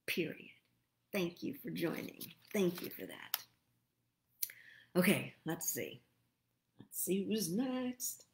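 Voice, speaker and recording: Slow, gravelly-voiced middle-aged woman. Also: on the low side, sing-song, slight background noise. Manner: slow, soothing and meditative, thinking aloud. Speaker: spirit messenger hosting a live stream. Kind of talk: live stream word readings. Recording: roomy echo.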